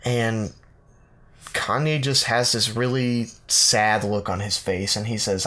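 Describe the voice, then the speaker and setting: A man co-hosting a podcast, improvising a playful fantasy story with many fillers and pauses. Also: lowish voice, steady tone, sharp tone. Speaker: podcast co-host narrating a comic fantasy story.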